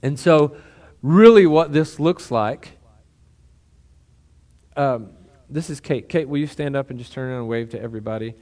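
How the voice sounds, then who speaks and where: A man's voice: fairly high pitch, lively intonation, normal speed, long pauses, darkish tone. A man preaching a sermon as a pastor, talking casually and conversationally, with asides and restarts.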